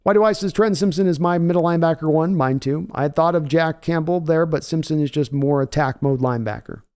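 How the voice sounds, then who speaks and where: A man's voice: fairly high pitch, fairly quick, darkish tone, clear, resonant tone. A man hosting a podcast who answers viewer questions in casual chat, thinking aloud and often restarting his sentences.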